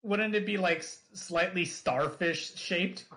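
A man chiming into a casual podcast chat with halting, joking asides. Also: high voice, bright, forceful tone.

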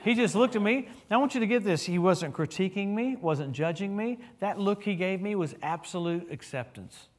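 A man's voice: moderate pace, few pauses. A middle-aged man preaching a sermon in a church, telling stories with humor and swinging his voice up and down as he gets caught up. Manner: animated storytelling with humor, lively pitch swings. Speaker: guest preacher.

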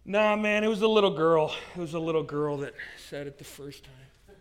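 A man's voice: a little high, steady tone, normal speed, a little mellow, voice pushed down, close to an everyday voice. A man voicing an ashamed middle-aged fisherman apostle, rueful and confessional. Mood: insistent.

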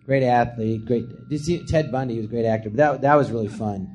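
A man's voice: medium pitch, fast, a little mellow, faint music behind. A man, a comedian, telling stories in a loose, rambling way on a podcast, laughing often and acting out quotes. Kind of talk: casual storytelling chat. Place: live podcast theatre.

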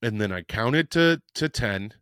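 A man hosts his podcast and tells a personal story in a candid, rambling way, swearing now and then. He speaks slowly and takes his time. His voice sounds dry and close, with no room echo. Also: mid-range voice, animated, fairly bright tone, clear, resonant tone. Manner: frank, rambling, swears casually. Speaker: podcast host.

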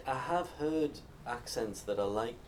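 A man's voice: medium pitch, animated, normal speed, a little mellow. A man from Northumberland, telling stories in a thoughtful way as a panelist in a live discussion. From Northumberland, England. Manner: thoughtful, storytelling, some restarts. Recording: distant mic, faint background noise.

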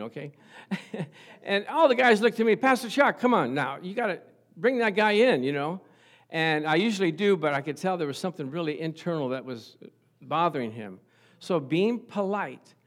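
A middle-aged man preaching a sermon as pastor, animated and calling out for amens. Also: on the high side. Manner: animated, asks the congregation for amens. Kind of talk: lively sermon.

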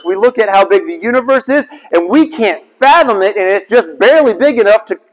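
A man preaching a sermon, putting rhetorical questions to his listeners and repeating phrases for emphasis. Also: sits high. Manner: repetition for emphasis. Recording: dull lo-fi sound with long reverb.

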